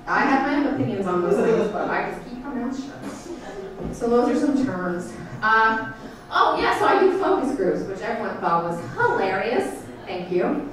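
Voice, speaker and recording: A woman in her thirties performs stand-up on a theater stage with a lively voice that swoops up high. She is heard from a distance in a very echoey room, with a crowd laughing loudly behind her. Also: moderate pace. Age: 30s. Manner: animated, bursting into high shouty bits. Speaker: stand-up comedian. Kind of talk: stand-up set. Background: audience laughter.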